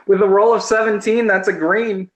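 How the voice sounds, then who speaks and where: A man's voice: high voice, fairly bright tone. A man playing a tabletop game, speaking hesitantly with many fillers as he declares actions. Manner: hesitant, lots of uhs. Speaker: player.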